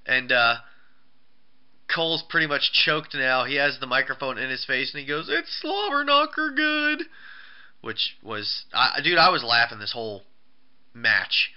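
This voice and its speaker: A man rambles through a casual recap of a show, stumbling over restarts and fillers. His voice sits at an ordinary pitch and sounds smooth. The recording is muffled and lo-fi. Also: moderate pace. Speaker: wrestling show reviewer. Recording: dull lo-fi recording.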